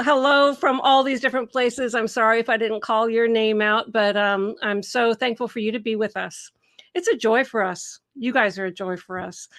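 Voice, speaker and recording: A woman's voice: on the high side, fairly bright tone. Bubbly woman host of a live chat. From Seattle area, USA. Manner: bubbly, laughs often, reads out viewer comments.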